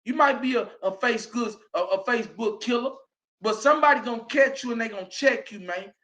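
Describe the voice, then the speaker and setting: Emphatic high-voiced Southern man preaching. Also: brisk, muffled recording. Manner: preachy and emphatic, rising to shouts. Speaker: show host. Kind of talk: motivational monologue.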